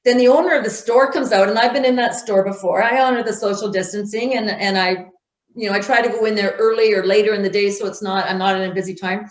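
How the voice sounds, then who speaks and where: A woman's voice: medium pitch, steady tone, fast talker, echoey room. A woman speaking in an interview, blunt and emphatic, acting out quotes as she tells stories. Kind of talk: conversational interview.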